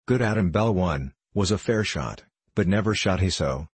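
A man reading a storybook aloud in a measured, even manner. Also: low voice, slightly rough, dry recording. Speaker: audiobook narrator.

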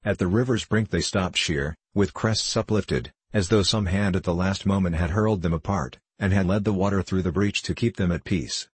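A man narrating a novel aloud in a measured, unhurried storytelling manner. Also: low-pitched, slightly rough, no echo. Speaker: audiobook narrator.

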